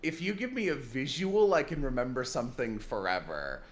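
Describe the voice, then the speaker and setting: A man chatting casually on a charity game stream, telling animated, rambling stories. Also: medium pitch, moderate pace.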